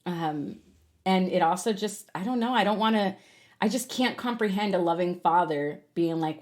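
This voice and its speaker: A woman's voice: fairly low pitch, moderate pace. A woman hosting her own podcast, talking candidly and earnestly about her faith in an unscripted monologue with frequent fillers and restarts. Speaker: podcast host.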